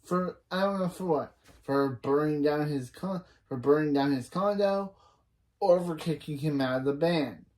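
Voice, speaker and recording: Casual reaction reviewer, mellow tone, scene-by-scene retelling, self-corrections, opinionated asides. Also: medium pitch, normal speed. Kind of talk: casual episode recap and commentary.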